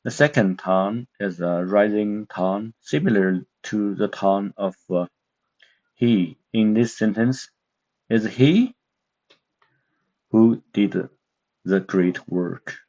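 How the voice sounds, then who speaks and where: A man teaching a language lesson, explaining slowly and carefully with frequent pauses and fillers. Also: fairly low pitch, darkish tone. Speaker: Mandarin teacher. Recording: dull, muffled lo-fi recording.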